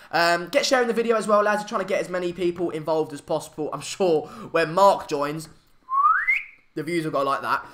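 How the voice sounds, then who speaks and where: A young man with a fairly bright, high-leaning voice hosts a casual live stream chat about a match, reading comments aloud. He sounds hesitant, using many fillers and restarts.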